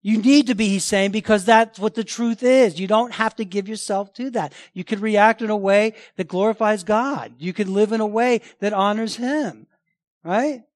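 A man preaching a sermon as pastor, emphatic, often asking the congregation questions and swinging between loud declarations and hushed lines. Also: sits high, moderate pace, no room sound, studio quality.

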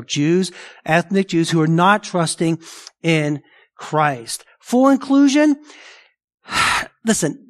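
A man preaching a sermon in an emphatic, conversational way, repeating phrases for stress. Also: high-pitched. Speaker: pastor.

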